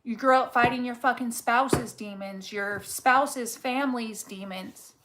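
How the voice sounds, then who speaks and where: A woman with a slightly high voice reading tarot cards in a casual, off-the-cuff way. She is blunt and swears freely, talking straight to the viewer. She drives her points home by repeating them. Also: a little slow, fairly bright tone, slight background noise. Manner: candid and profane, talks straight to the viewer; emphatic and repetitive when making a point. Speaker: tarot reader.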